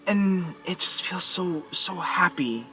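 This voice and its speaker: Earnest male vlogger, high-pitched, rambling monologue. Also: expressive, slow, bright, forceful tone, soft background music. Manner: earnest and rambling, with repeated restarts. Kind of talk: heartfelt personal vlog monologue.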